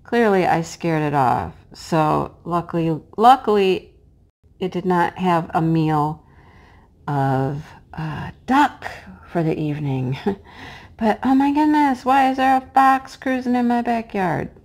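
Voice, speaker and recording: Middle-aged female crafter, hoarse and cracking, chatty and homey, talks slowly while she works. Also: on the low side, animated. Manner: chatty and homey, drops to a hush while placing pieces. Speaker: crafting vlogger and teacher. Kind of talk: casual chat while diamond painting.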